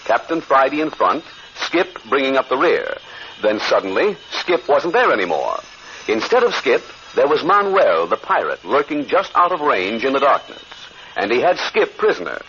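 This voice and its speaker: A man's voice: mid-range voice, very animated, moderate pace, a bit bright, a little hiss or hum. Dramatic old-time radio narrator man. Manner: dramatic, swooping delivery. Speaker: narrator and announcer. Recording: dull old radio recording.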